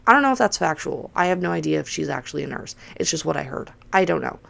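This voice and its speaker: A young woman recounts a story in a casual, animated way, acting out what others said and swearing often. Her voice sits low, with a heavy gravelly fry running through it. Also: fast talker. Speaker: podcast host.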